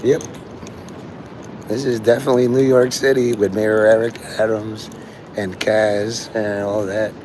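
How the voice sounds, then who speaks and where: A man's voice: lowish voice, level tone, measured pace, background noise. A man livestreaming outdoors on his phone, rambling to his chat and acting out the voices of people he quotes.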